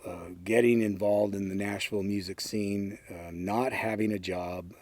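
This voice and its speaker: An older man telling anecdotes in a relaxed, wry way, with frequent ums and uhs. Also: on the low side, no room sound. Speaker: interviewee. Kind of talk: casual anecdotal storytelling.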